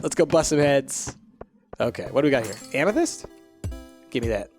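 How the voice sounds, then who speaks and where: A man's voice: mid-range voice, big pitch swings, normal speed. Chatty man narrating his gameplay. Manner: chatty, thinking aloud with many fillers. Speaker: let's play host. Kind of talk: casual gameplay commentary. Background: faint game music.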